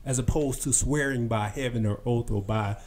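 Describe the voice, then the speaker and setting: Pastor host, mid-pitched man, earnest, builds emphasis as he talks and reads scripture. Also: normal speed, a little mellow, slight background noise. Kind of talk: casual faith podcast chat with scripture reading.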